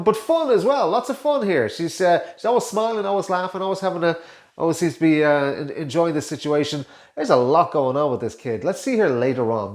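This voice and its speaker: A man's voice: on the high side, darkish tone. A man, a communication coach, giving casual reaction commentary, musing with many hesitant restarts. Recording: roomy echo.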